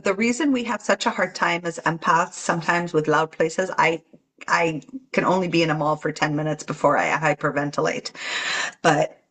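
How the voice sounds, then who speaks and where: A woman talking earnestly about staying calm while traveling, teaching and acting out the anxious voices in your head. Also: fairly low pitch, husky, poor audio. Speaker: guest channeler. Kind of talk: spiritual podcast talk.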